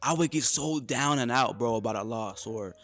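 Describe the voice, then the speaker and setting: A man co-hosting a laid-back podcast conversation. His voice sits at a middle pitch and he talks in an animated, chatty way, often calling his partner "bro". Faint music plays behind him. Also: normal speed. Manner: animated, peppers speech with "bro". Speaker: podcast co-host. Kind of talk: casual chat.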